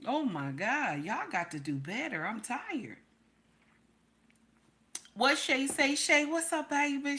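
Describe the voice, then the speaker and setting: A high-pitched, very animated woman speaks slowly, pausing often, in a bright, forceful tone. As a livestream host advising women, she gives blunt, preachy advice, repeats herself for emphasis, and talks to her chat while reading out names.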